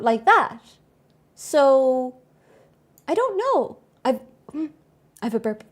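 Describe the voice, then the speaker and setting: Giggly high-voiced woman streamer. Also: sing-song, takes it slowly, long pauses. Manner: giggly and scatterbrained, laughs often; chats to viewers, thanks members. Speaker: game streamer. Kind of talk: casual live-stream chat.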